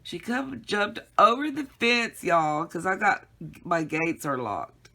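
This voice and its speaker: Gravelly, slow-talking chatty woman. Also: fairly low pitch, big pitch swings, sharp tone. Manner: chatty, rambling, laughs often, addresses viewers as y'all. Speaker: craft vlogger. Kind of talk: casual storytelling to viewers.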